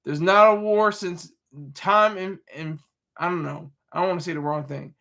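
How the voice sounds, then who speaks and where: Bright high-voiced man rambling casually. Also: fairly even intonation, vocal fry. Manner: rambling, halting, frequent restarts and self-corrections. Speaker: livestream host reading chat.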